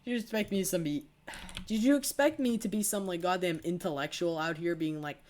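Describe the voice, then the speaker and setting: A man's voice: fairly high pitch, animated, a little fast, slight background noise. A teenage boy giving casual, profane, rambling commentary over his own gameplay, full of sarcastic asides. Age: teens. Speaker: gaming channel host.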